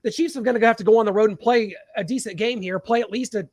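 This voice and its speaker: A man hosting a sports podcast, animated and emphatic, laughing often as he riffs. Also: sits high, quick pace, no room sound. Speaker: podcast host. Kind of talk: casual sports chat.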